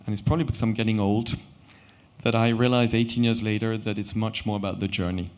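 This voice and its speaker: A middle-aged man tells a story on an event stage, acting out each exchange as he goes. His voice sits a little low and moves between hushed asides and livelier bursts. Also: fast talker. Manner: animated anecdotal storytelling with quoted dialogue. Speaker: watch company founder telling a story. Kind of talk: conference storytelling talk.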